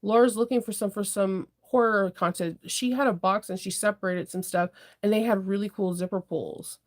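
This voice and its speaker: A woman's voice: mid-range voice, fairly even intonation, moderate pace. A young adult woman hosting a casual sewing livestream, chatting with viewers in a rambling way and laughing often. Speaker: livestream host, sewing shop owner.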